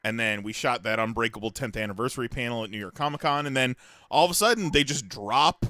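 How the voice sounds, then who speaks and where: A man's voice: medium pitch, quick pace, pushed and bright, dry recording. A man co-hosting a podcast in casual chat, joking along and then reading from his notes. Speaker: podcast co-host.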